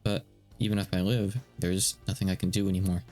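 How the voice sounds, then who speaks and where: A man's voice: low voice, flat delivery, a little mellow, faint music behind, lightly acted. A man reading a guilt-ridden cop turned killer. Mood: despairing. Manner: halting, stammering confession. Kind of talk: live game dialogue translation.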